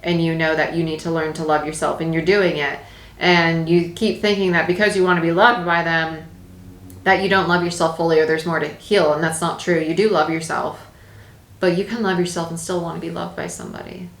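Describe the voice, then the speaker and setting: A woman's voice: on the low side, steady tone, a little fast. Chatty woman tarot reader, echoey room. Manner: chatty, emphatic, laughs often, repeats phrases. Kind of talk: casual tarot reading.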